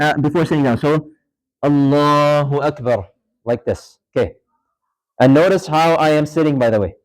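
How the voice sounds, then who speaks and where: A man's voice: mid-range voice, darkish tone, poor audio. A male religious teacher giving an informal class lecture in a mosque, quizzing students and dropping in short Arabic phrases and recitations. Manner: informal, asks the class questions, repeats points. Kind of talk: classroom lecture with live demonstration. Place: mosque hall.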